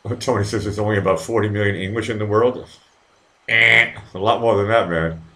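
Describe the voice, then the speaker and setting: A man's voice: fairly low pitch, fairly even intonation, fairly quick, bright, forceful tone. A middle-aged man hosting a live stream, chatting loosely to viewers, stammering, repeating words and swearing casually. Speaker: live show host.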